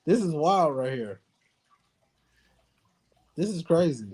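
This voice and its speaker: Husky slangy male co-host. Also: a little high, animated, slow pace, darkish tone. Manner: slangy, laid-back. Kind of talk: casual reaction commentary.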